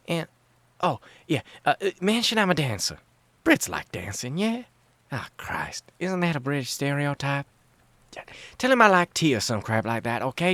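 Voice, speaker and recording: A man's voice: mid-range voice, fairly bright tone, dry recording, voice pushed up. A man putting on a chatty young woman. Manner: chatty, teasing, swears casually. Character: young woman, warm but blunt and scheming.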